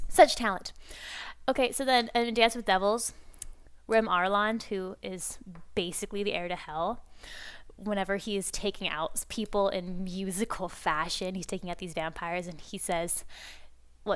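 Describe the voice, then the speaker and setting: A woman hosts a casual podcast, talking in a rambling, bubbly way full of fan enthusiasm. Her voice is smooth and clean, pitched in an ordinary middle range. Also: steady tone, measured pace. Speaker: podcast host.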